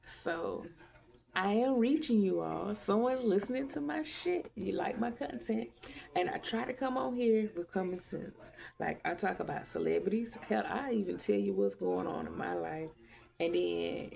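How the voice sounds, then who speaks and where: A woman's voice: mid-range voice, lively intonation, normal speed, creaky, a little mellow. A woman vlogging to her channel, blunt and profane. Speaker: YouTube vlogger. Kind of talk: casual commentary vlog.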